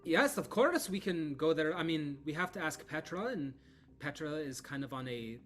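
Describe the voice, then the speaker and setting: A man's voice: a little high, lively intonation, normal speed, fairly bright tone, soft background music, pitched above the performer's own voice. A man voicing a cheerful, chatty young Vistani woman who works as a seer. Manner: chatty, upbeat.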